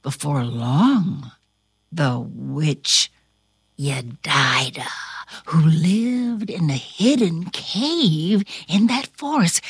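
A woman reading a fairy tale aloud, expressive and drawn out, close to the mic. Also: mid-range voice, drawn-out words, breathy edge, no echo. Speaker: storyteller. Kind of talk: storybook narration.

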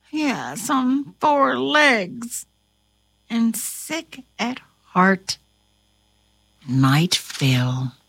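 A woman reading a fairy tale aloud with very expressive, dramatic delivery. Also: breathy edge, no echo, clean studio sound. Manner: highly expressive, slow and dramatic. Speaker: storyteller. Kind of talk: storybook read-aloud.

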